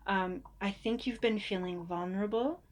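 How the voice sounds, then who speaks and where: A woman's voice: mid-range voice, moderate pace. A woman giving a casual, chatty tarot reading. She reassures her listeners and now and then mimics them in a mock voice. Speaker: tarot reader.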